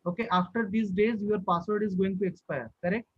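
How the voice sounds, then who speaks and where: A high-voiced man leads a live online class and keeps checking with his students. His questions come again and again as he repeats himself. The sound is dull and dry, like a video call. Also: steady tone, a little fast, breathy edge, dry recording. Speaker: instructor.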